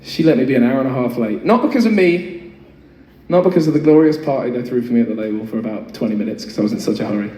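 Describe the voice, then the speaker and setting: A man in his thirties spins a rambling, self-mocking tale from a concert stage, cursing casually as he goes. His voice sits at an ordinary pitch but comes across distant and echoey, as if captured from out in the hall with loud ambience around it. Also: lively intonation, fast talker, slight background noise. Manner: chatty, self-mocking, swears freely. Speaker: singer performing live. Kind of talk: on-stage storytelling between songs. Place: large concert venue, in front of an audience. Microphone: stage mic through a PA.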